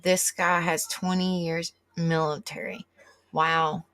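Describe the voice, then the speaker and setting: A woman's voice: low-pitched, flat delivery, takes it slowly, a bit bright. A middle-aged woman, hosting a live stream and chatting casually with viewers, rambling and reacting aloud as she reads the chat. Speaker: livestream host.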